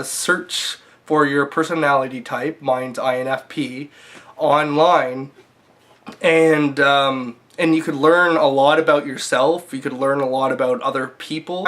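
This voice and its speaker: A man's voice: mid-range voice, a bit bright. A man talking to the camera in a casual vlog, earnest and reflective in a chatty way. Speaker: vlogger.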